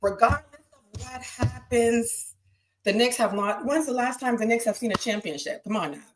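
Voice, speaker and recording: Excitable woman hosting sports talk. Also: on the high side, normal speed, rough recording. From Boston. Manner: excitable, blunt, swears freely. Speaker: podcast host. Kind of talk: casual sports talk to a live chat.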